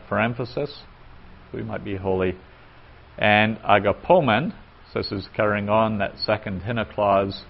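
A man teaching a grammar lesson at a slow, deliberate pace, reading each passage aloud and then picking it apart word by word. His voice sits fairly low, and the recording is a little dull and lo-fi. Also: vocal fry. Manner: slow and methodical, reads passages aloud then parses them. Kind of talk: Koine Greek lesson.

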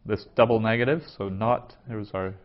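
A man teaching a Greek vocabulary lesson, saying each word slowly and twice, then explaining it. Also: on the low side, fairly even intonation. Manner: slow, careful pronunciation with repetition. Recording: dull lo-fi recording.

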